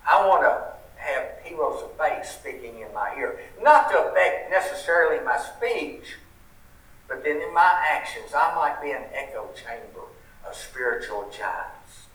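A man's voice: a little high, animated, a little slow, a bit bright. A man with a Southern US accent preaching a sermon, earnest and folksy, asking the congregation rhetorical questions. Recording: roomy sound from a distant mic.

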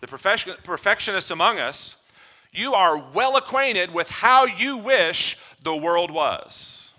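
A man preaching a sermon, shifting between quiet low passages and loud emphatic ones, acting out little dialogues with humor. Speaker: pastor.

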